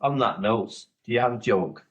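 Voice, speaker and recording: A man's voice: fairly low pitch, expressive, moderate pace, noisy background. A man co-hosting a podcast in casual comedic chat, answering with dry, brief remarks and telling jokes. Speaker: podcast co-host.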